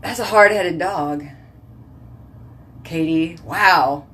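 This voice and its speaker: Woman in her thirties, lowish voice, sassy rambling vlog chat. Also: drawn-out words, fairly bright tone, slight background noise. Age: 30s. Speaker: vlogger. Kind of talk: casual chatty vlog.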